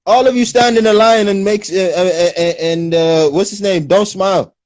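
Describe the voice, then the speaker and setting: A man's voice: sits high, moderate pace, a little mellow, voice pushed up, close to an everyday voice. A man putting on the voice of a teasing man who mimics a stiff, formal British newcomer in a mocking, sing-song way.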